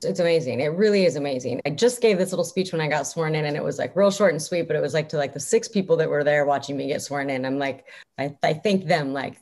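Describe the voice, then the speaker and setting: A woman's voice: deep voice, expressive, quick pace, darkish tone. A young adult woman, a guest in an interview, talking casually in an upbeat, chatty way, full of "like" fillers.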